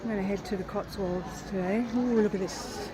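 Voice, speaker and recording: Filming on a handheld camera, a woman strolls busy town streets and chats in rambling asides for a casual walking-tour vlog. She speaks at a medium pitch, steady and moderately paced, over loud traffic and town bustle.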